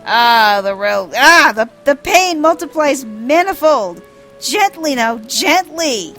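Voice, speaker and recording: A woman voicing a pompous, theatrical male gentleman adventurer from a video game, grandiose and melodramatic. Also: sits high, big pitch swings, slow pace, faint music behind, voice pushed up, exaggerated voice. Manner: grandiose, melodramatic, overblown delivery.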